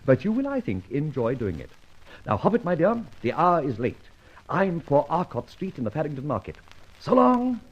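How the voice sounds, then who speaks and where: A suave, indignant gentleman thief. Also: fairly high pitch, wildly swooping pitch. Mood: scheming. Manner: theatrical, wry, quick to indignation. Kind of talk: 1940s radio drama acting. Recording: dull old radio recording.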